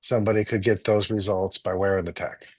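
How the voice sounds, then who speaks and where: A man, a guest doctor, telling stories in a relaxed interview, animated and full of restarts. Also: low-pitched, fairly quick. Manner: animated storyteller, many restarts and acted-out quotes. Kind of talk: casual storytelling in an interview.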